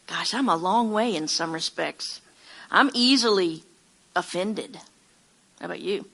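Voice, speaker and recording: A woman's voice: fairly low pitch, a little slow, gravelly, long pauses, bright, forceful tone. A woman from Alabama with a Southern accent, teaching an informal sermon in a folksy way, often repeating words and restarting her sentences. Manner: storytelling with acted-out quotes. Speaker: Bible teacher.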